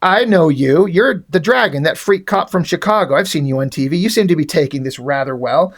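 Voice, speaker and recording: A man's voice: fairly high pitch, expressive, brisk. A man reading as a brooding hellspawn antihero. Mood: grim, angry.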